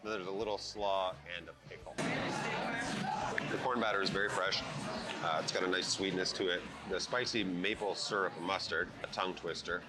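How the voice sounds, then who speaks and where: A man reviewing food in a casual vlog, blunt and profane, mocking himself as he rates each dish. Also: low voice. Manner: profane, blunt, self-deprecating. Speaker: food vlogger. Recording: music playing underneath.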